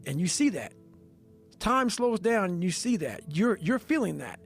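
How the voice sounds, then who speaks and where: A man's voice: high voice, very animated, moderate pace. A man giving a motivational talk, intense and profane, hammering his points with repetition. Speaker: motivational speaker. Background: faint music.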